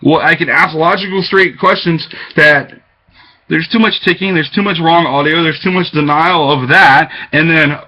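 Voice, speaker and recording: Speaking at normal speed in a slightly high, bright and forceful voice, a man rambles agitatedly into his webcam, leaping between subjects. A little background noise comes through, and the webcam mic yields dull lo-fi sound.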